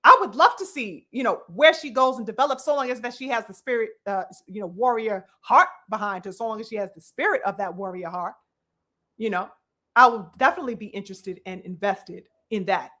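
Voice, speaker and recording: A woman's voice: medium pitch, fairly quick, pushed and bright. A woman hosting a boxing commentary vlog, ranting in a preachy, mocking way, full of blunt, profane rhetorical questions and calls to her brothers and sisters. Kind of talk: opinionated commentary rant.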